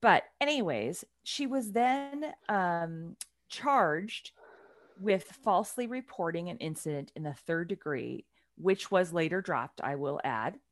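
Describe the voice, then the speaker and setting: A woman on a podcast telling a story in a casual, animated way, with her voice swinging from loud to hushed. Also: fairly low pitch, takes it slowly, dry recording, studio quality.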